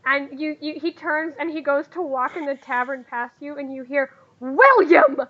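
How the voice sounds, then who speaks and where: A woman's voice: sits high, little pitch movement, normal speed, highs cut off. A woman running a tabletop game as game master, narrating casually with halts and restarts.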